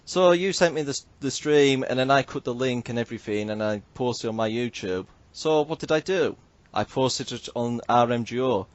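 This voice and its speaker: A man's voice: mid-range voice, normal speed, highs cut off. Man telling a podcast story. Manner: animated, swearing, mimics others in quotes. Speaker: podcast host.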